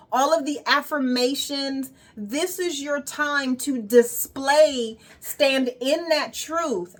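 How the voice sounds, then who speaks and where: A woman's voice: sits high, a bit bright. A woman wellness coach giving an emphatic, repetitive motivational monologue with casual swearing.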